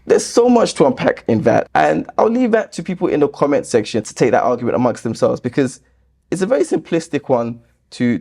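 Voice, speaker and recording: A man hosting his channel, reading viewer comments aloud and answering them with sarcastic exasperation. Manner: exasperated, sarcastic, lively pitch jumps. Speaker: YouTube host reacting to comments.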